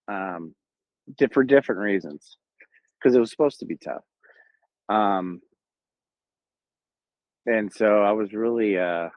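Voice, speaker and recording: A man's voice: lowish voice, no room sound. A man from Southern California with a Southern Californian accent, casually telling his own story in a rambling, laid-back way with lots of fillers and restarts. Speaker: Marine Corps veteran telling his story. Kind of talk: casual first-person storytelling. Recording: dull lo-fi, dry sound.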